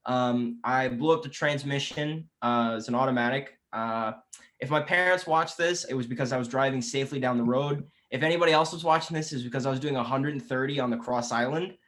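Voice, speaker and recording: A man's voice: mid-range voice, fairly bright tone. A man in his twenties, a guest musician chatting eagerly and at length, often restarting his sentences. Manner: eager, talkative, many quick restarts. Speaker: guest musician and guitar teacher. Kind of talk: casual podcast chat.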